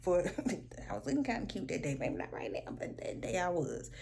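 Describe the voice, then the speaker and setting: A woman telling a casual storytime vlog at home, animated and sassy, laughing often. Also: lowish voice, brisk, gravelly, a little hiss or hum. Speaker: vlogger.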